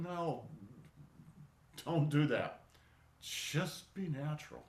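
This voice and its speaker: A man teaching an online qigong class, talking in a relaxed, conversational way that often stops and restarts. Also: a little high, slow. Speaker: qigong instructor. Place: indoor studio for online class. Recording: roomy echo.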